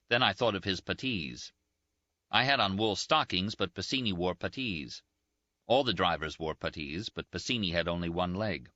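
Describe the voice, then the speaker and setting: A man reading a novel aloud in a measured, grave first-person narration, in a muffled dry recording. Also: low voice, pushed and bright, no echo. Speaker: audiobook narrator. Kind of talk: scripted narration.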